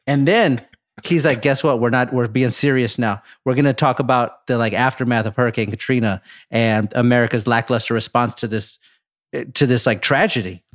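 A man co-hosting a podcast in casual chat, excitable, laughing often and imitating sound effects. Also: medium pitch, moderate pace. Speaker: podcast co-host.

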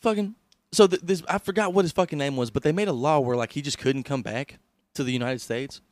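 A man's voice: a little high, brisk, no room sound, studio quality. A young man co-hosting a comedy podcast, telling stories casually and laughing often. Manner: laughs often, animated storytelling. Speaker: podcast co-host.

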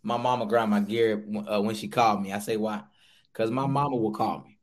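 A man's voice: fairly low pitch, fairly even intonation, brisk. A man talking casually as a guest on a game show, rambling and cursing. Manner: rambling, profane, laughing, trails off.

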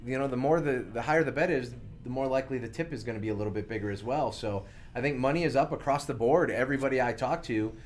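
A man speaks as a guest on a podcast in an even, mid-range voice. He explains his points earnestly and keeps talking at a steady flow. A faint noise runs under the recording. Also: medium pitch, quick pace, few pauses. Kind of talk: casual chat.

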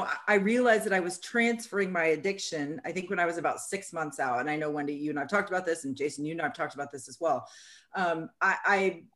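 A woman co-hosting a casual conversation, candidly telling personal stories and acting out what people said. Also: medium pitch. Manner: candid, storytelling, acts out quotes.

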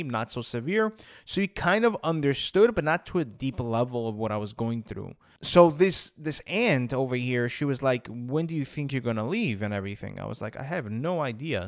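A man in his thirties talks through his own story as a podcast host, with a voice of ordinary middle pitch. He is candid and rambling and often restarts a phrase. The sound is close and dry, with no room around it. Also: no echo. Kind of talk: personal storytelling monologue.

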